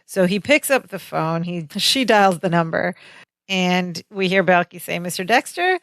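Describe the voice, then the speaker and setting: A woman's voice: lowish voice, unhurried, a bit bright, no room sound. A woman co-hosting a podcast, chatting casually about a sitcom and adding background facts. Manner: chatty, adds background facts, plays out quoted lines. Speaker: podcast co-host. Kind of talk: casual chat recapping a sitcom.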